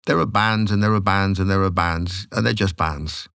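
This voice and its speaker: A man, telling stories as a podcast guest in an animated, casual way. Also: low voice, moderate pace, vocal fry, smooth, no echo, studio quality. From England. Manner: animated storyteller, acts out quotes. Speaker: podcast guest, rock singer. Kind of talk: casual storytelling.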